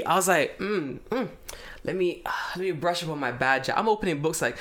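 Here a man based in Japan tells a story fast in a somewhat high voice. His casual chat is full of profanity, and he animatedly imitates the others as he goes.

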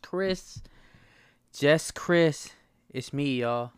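Fast-talking man hosting a casual podcast. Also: fairly high pitch, clean tone, no echo. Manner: talks fast, stumbles and stutters, swears freely. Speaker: podcast host. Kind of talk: casual solo podcast monologue.

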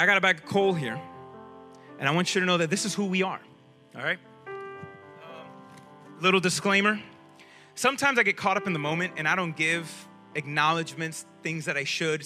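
Animated high-voiced male preacher. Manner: animated preaching, asks the audience questions; casual speech. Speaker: pastor. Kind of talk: sermon.

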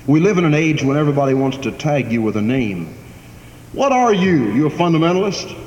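A man's voice: a little high, sing-song, brisk, darkish tone, highs cut off. A man preaching a sermon as pastor, emphatic, swelling and dropping his volume for effect. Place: church sanctuary. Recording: echoey church hall, faint background noise.

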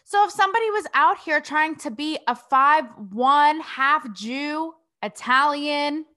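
A bright, tense-sounding young woman from Connecticut runs a casual commentary podcast. She talks bluntly and sassily, swears freely and fires off rhetorical questions, and her voice sits a little high for a woman. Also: unhurried. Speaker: podcast host.

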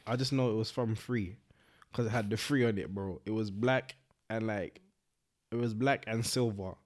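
A man, co-hosting a podcast in relaxed casual chat and often repeating his catchphrases. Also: fairly low pitch, moderate pace. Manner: laid-back, repeats catchphrases. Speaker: podcast co-host.

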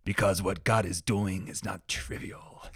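A man's voice: sits low, steady tone, unhurried, a bit bright, breathy edge, no room sound, clean studio sound, full character voice. A man putting on a Scottish accent to voice a stern old preacher who scolds emphatically. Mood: scolding. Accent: Scottish, put on.

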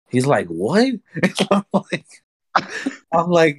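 A man's voice: on the high side, unhurried, dry recording. A man co-hosting a casual chat show, telling stories and acting out conversations with frequent laughs. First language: Spanish. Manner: animated storyteller, acts out dialogue, laughs often. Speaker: podcast co-host.

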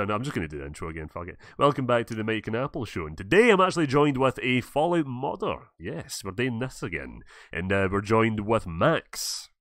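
A man's voice: fairly low pitch, very animated, a little fast, hardly any pauses, fairly bright tone, no room sound, studio quality. A young Scottish man hosting a casual podcast, rambling, swearing and correcting himself as he goes. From Scotland. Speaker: podcast host. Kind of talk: casual chat.

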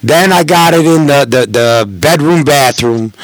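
A man's voice: a little high, a little slow, no echo, low-quality recording. A middle-aged man telling stories as a podcast guest, casual, rambling and full of swearing. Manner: profane, rambling storyteller. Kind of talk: casual chat.

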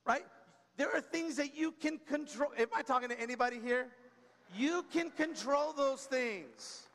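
High-voiced preacher man in a reverberant hall. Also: unhurried, vocal fry, a bit bright. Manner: conversational preaching, frequent "come on" and "right?"; tells personal stories with humor. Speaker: pastor. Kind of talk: sermon.

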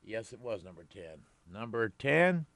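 A man's voice: on the low side, very animated, a little slow, a bit bright, dry recording. A man co-hosting a radio show, methodically counting down a list of songs. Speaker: radio co-host. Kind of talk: casual radio chat.

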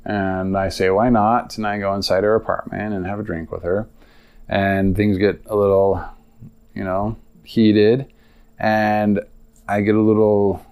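A man's voice: lowish voice, level tone, unhurried, a little mellow, smooth. A man hosting a podcast, telling a long personal story in a rambling, confessional way with many fillers. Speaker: podcast host. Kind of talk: casual storytelling monologue.

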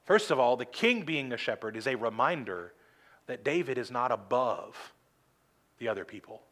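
A man preaching a sermon from a church pulpit, earnest, slowing down for emphasis and adding dry humor. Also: medium pitch, expressive, fairly bright tone. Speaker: pastor.

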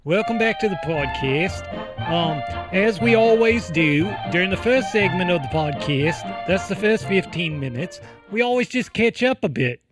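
A man's voice: sits high, lively intonation, moderate pace, music in the background. A man playing a bossy Australian podcast host in an improvised comedy sketch, scolding his co-host, with a put-on Australian accent. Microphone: close studio mic.

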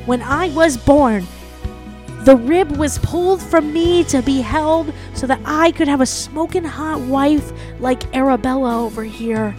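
Woman doing a booming smarmy preacher man. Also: a little slow, a little mellow, soft background music. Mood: preachy. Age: 40s. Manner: booming, theatrical, swelling emphasis. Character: smarmy middle-aged male preacher boasting about young wife. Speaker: pastor. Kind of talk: comedic impression of a sermon.

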